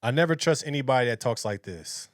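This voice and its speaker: A man's voice: medium pitch, lively intonation, quick pace. A man hosting his own reaction channel, giving blunt, opinionated commentary and often repeating himself. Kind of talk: casual commentary.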